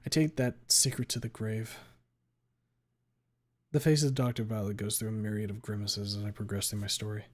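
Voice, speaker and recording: A man streaming himself reading a fan fiction aloud in an emotional first-person style, rushing some passages and stretching others out. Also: fairly low pitch, fairly even intonation. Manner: emotional, pace swinging between rushed and drawn out.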